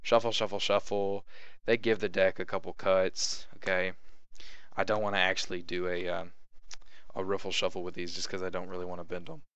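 A man's voice: low voice, level tone, a little fast, fairly bright tone, clean tone, no echo. Chatty young man teaching card tricks. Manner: chatty, repeats "okay?" to check in, acts out patter. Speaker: magic tutorial host. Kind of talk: casual card-trick tutorial.

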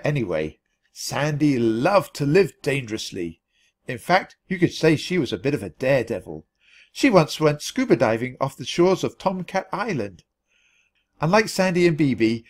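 Male storybook narrator, clear natural-speed reading, lively ups and downs in pitch. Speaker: storybook reader. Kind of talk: storybook narration for language learners.

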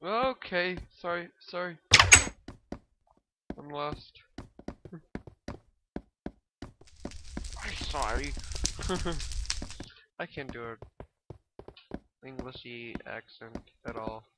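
A woman's voice: low-pitched, takes it slowly, pauses often. A woman casually commenting on her gameplay, chatting to the characters on screen, swearing and giggling as she goes. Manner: excitable, swearing, giggly, talks to game characters. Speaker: let's play gamer. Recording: loud background noise.

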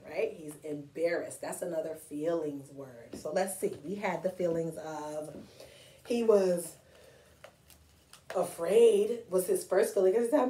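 This storytime reader has a lowish, unhurried voice as she shares a picture book with kids, lively and full of questions to draw the young listeners in. Her words echo around the room, captured from a distant microphone.

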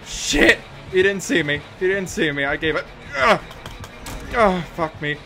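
A young man streaming a game, excitable, swearing and yelling in panic as he plays. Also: fairly high pitch, fast talker, faint music behind. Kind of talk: live game-stream chatter.

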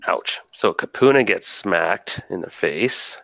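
A man's voice: low voice, expressive, takes it slowly, fairly bright tone, dry recording. A man running a tabletop game as game master, casually narrating combat and thinking aloud over dice rolls.

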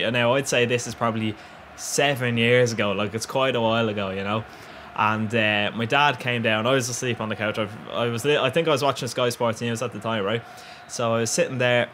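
A medium-pitched young man, heard with slight background noise, commentates on a football video game for his YouTube gaming channel. He rambles excitably, laughs often and swears frequently.

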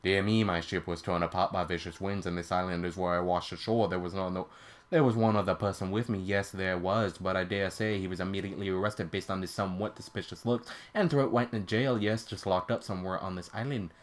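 A man doing a low formal-spoken merchant. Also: steady tone, fairly quick, close to an everyday voice. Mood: earnest. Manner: low, old-fashioned formal diction. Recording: faint music behind.

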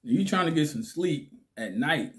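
A man hosting his own vlog in a relaxed, slangy way, talking with a slight lisp because his cheeks are swollen. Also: a little high. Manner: slow, laid-back, slangy, laughs often. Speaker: channel host. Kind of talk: casual vlog talk to camera.

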